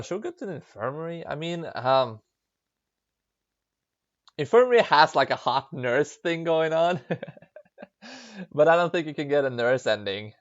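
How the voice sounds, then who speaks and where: A man's voice: mid-range voice, no room sound, dull audio. A man from Norway, giving chatty, giggly commentary while reading a visual novel aloud. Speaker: let's play gamer.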